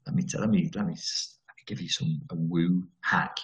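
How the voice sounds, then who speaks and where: A man's voice: low voice, fairly even intonation, fairly quick, echoey room, rough recording. A man talking frankly over a video call about trauma recovery, digressing and restarting his sentences. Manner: candid and digressive, with frequent restarts.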